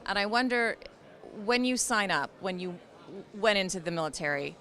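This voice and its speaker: A woman's voice: mid-range voice, lively intonation, moderate pace, pushed and bright. A woman interviewer asking probing questions in a conversational way. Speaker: interviewer, correspondent.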